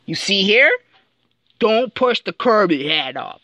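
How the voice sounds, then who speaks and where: A woman playing out a toy scene aloud and acting out toy characters, jumping suddenly into squeaky voices. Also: sing-song, slow, sharp tone, no room sound, muffled recording.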